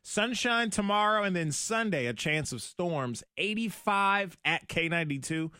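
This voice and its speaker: Bright, lively male radio co-host. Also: high-pitched, clean tone, no room sound, studio quality. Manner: quick teasing quips and laughs. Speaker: radio co-host, traffic and weather. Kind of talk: morning radio banter. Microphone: studio microphone.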